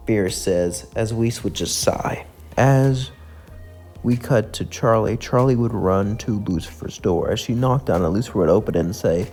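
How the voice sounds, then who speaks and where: A man's voice: fairly low pitch, normal speed, a little mellow, soft background music. A man narrating a casual fan story in a plain, repetitive way.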